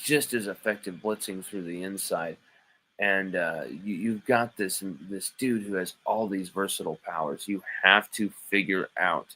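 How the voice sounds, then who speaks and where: A man's voice: fairly low pitch, pushed and bright, low-quality recording. A man hosting a live sports stream, reading chat comments aloud and arguing back with playful mock indignation.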